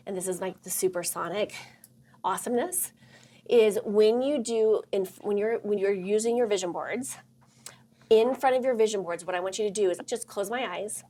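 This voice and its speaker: A middle-aged woman hosting a motivational workshop talk, chatty and excitable with lots of fillers and a husky voice. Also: medium pitch. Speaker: host and counselor.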